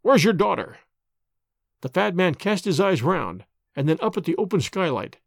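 A man reads a classic detective story aloud with expressive, dramatic pacing. His voice sits a bit high and moves in a lively way. The recording is dry and close. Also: moderate pace, gravelly, dry recording. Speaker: narrator.

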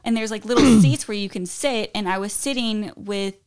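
A woman's voice: medium pitch, moderate pace, darkish tone, clean tone. A woman on a casual podcast telling personal stories, rambling with lots of "like" fillers. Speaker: podcast co-host. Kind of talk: casual storytelling chat.

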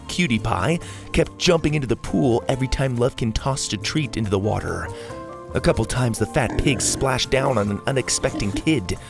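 A man narrating a kids' adventure story in an expressive, animated storytelling manner. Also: medium pitch, creaky.

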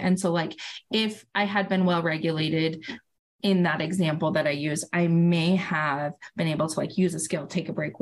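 A woman in her thirties in a casual chat, thinking aloud with frequent fillers and pauses. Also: fairly low pitch. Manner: thoughtful, hesitant with many fillers.

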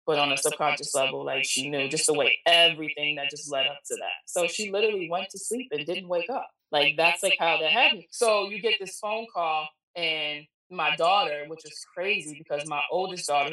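A woman in her forties telling a painful personal story to an interviewer, candid and animated, quoting people as she goes. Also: low voice, brisk, few pauses. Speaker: guest. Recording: echoey room, distant mic.

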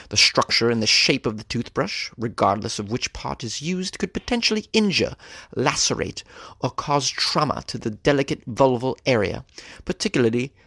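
A man's voice: mid-range voice, bright, forceful tone, no echo, clean studio sound. A man voicing a prim female British gynecologist in an exaggerated mock British accent, relishing each word. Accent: mock British put on. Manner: exaggerated posh, relishing words.

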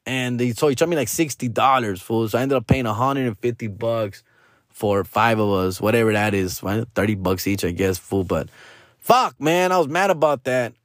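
A man's voice: normal speed, no echo, studio quality. A middle-aged man hosting a podcast, telling a story in a casual, profane, slangy way with Spanish phrases mixed in. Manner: jumps to loud high mock voices for quoted people. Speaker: podcast host.

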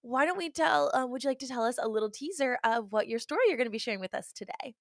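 Chatty woman host gushing away, kinda high voice, super dry sound. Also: expressive, fast talker, no room sound. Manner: chatty, gushing, lots of fillers. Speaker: podcast host. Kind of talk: casual chat.

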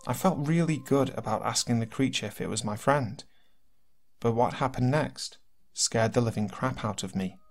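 A man reading submitted horror stories aloud as narrator, in steady, earnest storytelling. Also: medium pitch, moderate pace. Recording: faint music behind.

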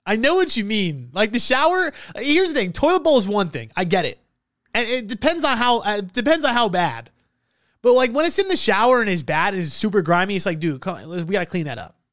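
Animated, profane young man host. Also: sits high, fairly quick, no room sound, studio quality. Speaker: podcast host. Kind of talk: casual commentary reading listener comments.

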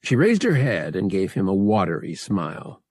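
A man reading a novel aloud as an audiobook narrator, measured and expressive. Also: low-pitched, husky, no echo, studio quality.

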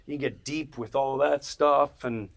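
A man hosting his podcast, telling stories in a casual monologue. He laughs as he goes and swings from loud bursts to quiet asides. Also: unhurried. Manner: animated, laughs mid-story, jumps between loud bursts and low asides; acts out other people's voices. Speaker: podcast host.

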